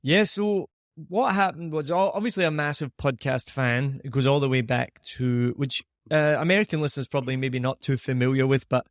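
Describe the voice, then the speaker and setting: A man's voice: medium pitch, brisk, few pauses, dry recording, studio quality. A man with a Scottish accent, a podcast host, chatting casually and telling anecdotes with frequent laughter. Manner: chatty storyteller, laughs often.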